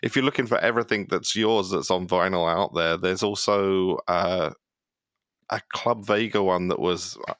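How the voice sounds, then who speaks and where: A man's voice: low-pitched, steady tone, normal speed, a bit bright, no echo. A man co-hosting a casual podcast interview, asking rambling questions full of fillers. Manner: loose, filler-heavy questioning. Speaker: podcast co-host.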